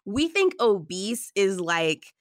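A woman's voice: medium pitch, big pitch swings, slow pace, no room sound, studio quality. A woman from the United States hosting a podcast, chatting casually with a lot of laughter and mimicking the people she talks about in put-on voices. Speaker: podcast host. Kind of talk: casual comedic chat. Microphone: audio-only call, no video.

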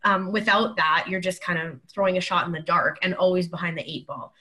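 A woman's voice: on the low side, fairly even intonation, fairly quick, pushed and bright. A woman on a podcast panel giving productivity advice, thoughtful and coaching in tone with frequent ums. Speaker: panel guest.

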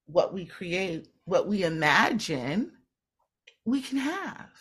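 A woman speaking as a podcast guest, teaching spiritual ideas slowly and earnestly and repeating phrases for weight. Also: lowish voice, sing-song, fairly bright tone, husky. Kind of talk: casual podcast conversation.

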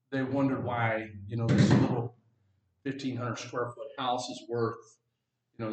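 A man from Texas chatting casually as a podcast co-host, rambling with restarts and fillers. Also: medium pitch. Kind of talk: casual chat. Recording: roomy echo, a bit far from mic.

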